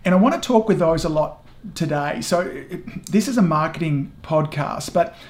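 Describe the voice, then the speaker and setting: A man's voice: fairly high pitch, moderate pace. Chatty, effusive man hosting a podcast. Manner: effusive, chatty and self-deprecating. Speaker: podcast host. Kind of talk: casual interview chat. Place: home in the evening. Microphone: video call.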